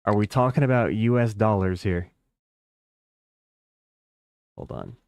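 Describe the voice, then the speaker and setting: Casual American male streamer, lowish voice, rambling and self-mocking chat with viewers. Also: a little slow, a little mellow, no room sound. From United States. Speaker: game streamer. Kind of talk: casual live-stream chat while playing.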